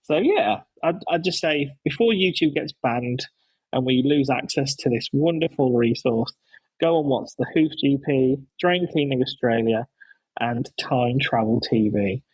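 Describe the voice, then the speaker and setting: Chatty man, husky, rambling. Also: mid-range voice, measured pace, darkish tone, dry recording, low-quality recording. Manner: rambling, enthusiastic, many restarts. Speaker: podcast host, dad. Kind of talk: casual podcast chat.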